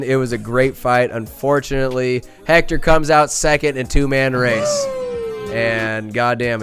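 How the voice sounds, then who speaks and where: A man's voice: medium pitch, a bit bright, clean tone. A man hosting a podcast, recapping a movie in a casual comic way, crude and joking, rambling with lots of fillers. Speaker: podcast host.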